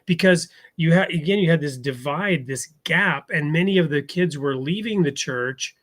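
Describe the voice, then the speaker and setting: Higher-pitched man hosting a faith podcast. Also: fairly bright tone. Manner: thoughtful, halting, laughs easily. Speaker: podcast host. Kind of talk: conversational interview.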